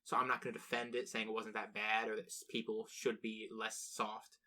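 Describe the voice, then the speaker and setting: A man's voice: on the low side, level tone, a little fast, bright, forceful tone. A young man co-hosting a casual podcast, rambling, restarting sentences and swearing freely. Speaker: podcast co-host. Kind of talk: casual chat.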